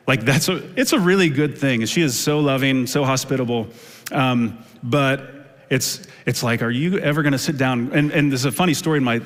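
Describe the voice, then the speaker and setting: A middle-aged male pastor preaching a sermon in a conversational, storytelling way with many fillers. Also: mid-range voice. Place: church sanctuary. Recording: long church hall reverb.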